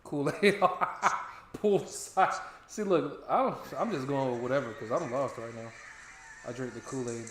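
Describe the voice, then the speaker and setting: Young American man, joking live-stream co-host, mid-pitched, some room echo. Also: measured pace, soft background music. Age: young adult. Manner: joking, swears freely, chats to viewers. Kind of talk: casual live-stream chat. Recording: roomy echo.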